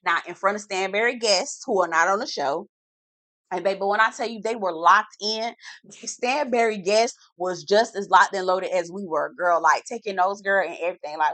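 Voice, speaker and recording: A woman's voice: medium pitch, normal speed, pushed and bright, no room sound. A woman giving a sassy, dramatic, casual recap of a reality TV episode as a vlogger, full of slang asides.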